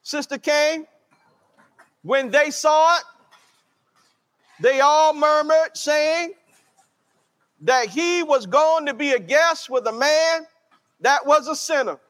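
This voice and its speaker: A man's voice: very high voice, a bit bright, big-room sound. A man preaching a sermon as pastor, drawing out his words and calling the congregation to answer back. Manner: slow, drawn-out preaching with call-and-response.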